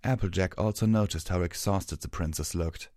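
A man reading a fantasy story aloud as narrator, steady and measured. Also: low-pitched, no echo, studio quality.

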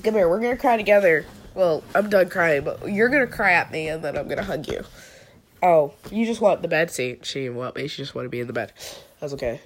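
A woman's voice: low-pitched, animated, a little fast, slight background noise. A young woman crying as she talks through a personal vlog at home, raw, rambling and swearing. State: crying, sniffling. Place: indoors at home, in bed.

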